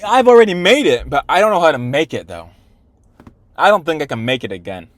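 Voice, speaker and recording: A man's voice: on the high side, very animated, brisk, no echo. Young man angrily lecturing himself. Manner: frustrated, berating himself in second person, heavy swearing. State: hungry. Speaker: day trader. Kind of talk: self-talk video diary.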